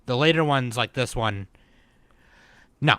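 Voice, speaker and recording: A man's voice: medium pitch, measured pace, bright, forceful tone, clean tone, no room sound. A man hosting a podcast chat in a laid-back way, using lots of fillers and steering the talk.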